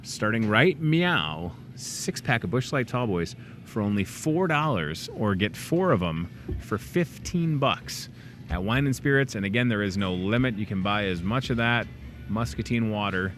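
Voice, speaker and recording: A man hosting a local in-store talk show, chatting casually and rambling through plugs, jokes and shout-outs. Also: fairly low pitch, animated, normal speed, slight background noise. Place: grocery store.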